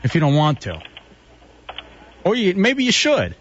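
Male radio host, high, animated, joking banter, faint hiss. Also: unhurried. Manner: joking, giggly, loose. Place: radio studio. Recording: muffled lo-fi radio recording.

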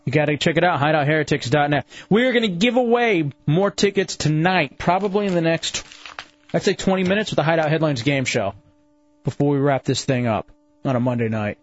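A man's voice: a little high, fairly quick, no room sound. A man hosting a late-night radio show, teasing his co-host and reading out event promos. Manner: teasing, drawls promo announcements. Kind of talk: casual radio banter and promos. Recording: dull lo-fi radio broadcast.

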